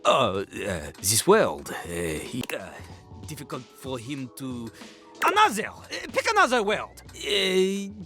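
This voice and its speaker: A man's voice: medium pitch, wildly swooping pitch, takes it slowly, bright, forceful tone, faint music behind, full character voice. An actor voicing a cocky male rapping toilet with a French accent, who lectures fussily and breaks into sing-song rap in a video game. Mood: boastful.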